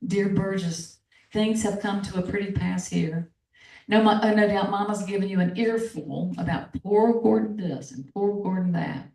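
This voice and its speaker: A woman's voice: medium pitch, moderate pace, gravelly, a little mellow, close to an everyday voice. A woman reading aloud a letter from a self-assured Southern sister, full of folksy turns of phrase. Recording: echoey room, from far off.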